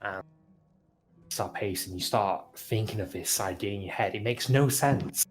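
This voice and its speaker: Man, game master, low voice, relaxed, fillers, tabletop narration. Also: normal speed, faint music behind.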